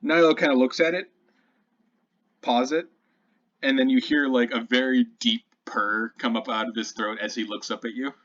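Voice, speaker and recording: A man's voice: mid-range voice, steady tone, moderate pace, a bit bright. A man running a tabletop game as dungeon master, narrating loosely with lots of fillers. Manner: loose, chatty, many fillers. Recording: slightly dull lo-fi sound.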